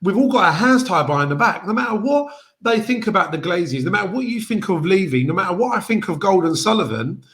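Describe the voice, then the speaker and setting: A man's voice: sits high, animated, fast talker, a bit bright. A man, co-hosting a casual football chat show and arguing his points emphatically, often repeating himself. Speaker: podcast co-host.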